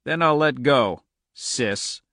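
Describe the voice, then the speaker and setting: A man's voice: mid-range voice, expressive, slow, fairly bright tone, dry recording, studio quality. A man voicing a menacing, bullying male federal agent who taunts and threatens.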